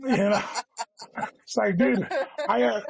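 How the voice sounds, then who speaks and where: Slowly and in a creaky, high voice, a man who is a guest comedian tells a long casual story, rambling, swearing heavily and saying "dude" constantly. Crowd noise can be heard, and the recording sounds dull and lo-fi.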